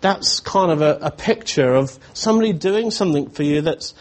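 A man preaching a sermon in a reflective, searching way, often pausing and restarting his thoughts. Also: a little high, lively intonation.

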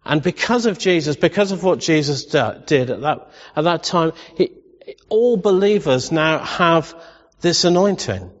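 A man's voice: fairly high pitch, lively intonation, unhurried. Male preacher, conversational sermon with playful asides, dull recording in a reverberant hall. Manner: conversational, asks the congregation questions, playful asides.

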